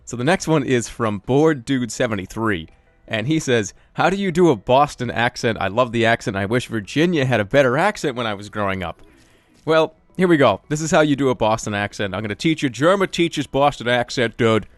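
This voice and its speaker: Guy doing a jokey q&a voiceover, mid pitch, dead dry mic, pokes fun at himself. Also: brisk, no echo. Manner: joking, animated, self-deprecating. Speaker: YouTuber answering viewer questions. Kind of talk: casual Q&A voice-over over gameplay.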